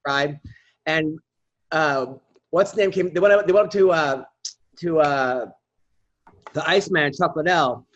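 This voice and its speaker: A man on a podcast telling profane, animated stories in a casual chat. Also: a little high, a little slow, pauses often. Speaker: podcast guest comedian. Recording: dull lo-fi audio.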